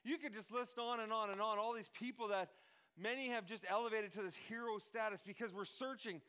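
This man's voice is high, brisk, bright and forceful, with a clean tone and fairly even intonation. Preaching as a pastor, he is earnest, frequently restarts or repeats his phrases, and lists names.

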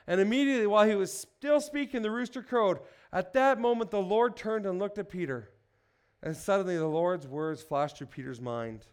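A high-voiced man preaching into a microphone in a church hall. He is energetic and jokes with the congregation, tossing them questions. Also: moderate pace, clean tone. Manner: energetic, joking, asks the crowd questions. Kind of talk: sermon.

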